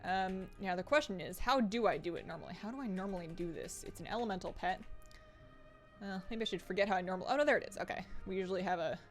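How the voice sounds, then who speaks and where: Woman streamer, casual chat while gaming, rambling, laughs a lot, mid-range voice, soft music underneath. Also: mid-range voice, fast. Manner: rambling and chatty, laughing often, restarting sentences. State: slightly out of breath. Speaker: live-stream host. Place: at home.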